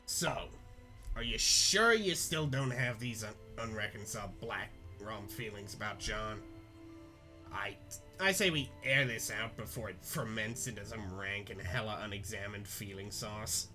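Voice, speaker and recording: A man's voice: lowish voice, measured pace, music in the background, lightly acted. A man reading the lines of a laid-back teenage boy who rambles in slang, with a cool, rambling delivery. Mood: earnest rambling. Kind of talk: comic reading of a webcomic.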